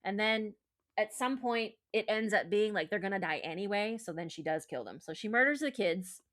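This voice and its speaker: A woman's voice: medium pitch, lively intonation, normal speed, fairly bright tone. A woman podcast host retelling a myth in casual chat, with lots of fillers and profanity. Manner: chatty, profane, filler-heavy.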